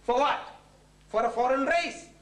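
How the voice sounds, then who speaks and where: A man giving a public lecture, telling stories and acting out conversations in lively voices. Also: very high-pitched, measured pace. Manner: animated, acts out conversations with shifting voices. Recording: echoey hall, heard from a distance, faint hiss.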